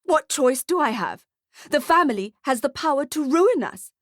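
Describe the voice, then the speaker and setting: A woman's voice: sits high, animated, normal speed, no echo, studio quality, voice pushed up. Woman doing a stern, weary male boss. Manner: firm, scolding.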